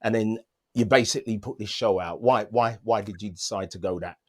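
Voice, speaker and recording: A man's voice: on the low side, brisk, a little mellow. A man hosting an interview over a video call, joking, rambling and laughing often. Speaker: interview host. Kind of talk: casual interview.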